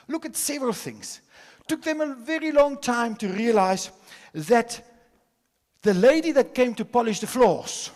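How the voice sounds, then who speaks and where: An older man from South Africa giving a dramatic conference talk, swinging from loud storytelling to hushed asides. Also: very high voice. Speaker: conference speaker. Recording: hall reverb.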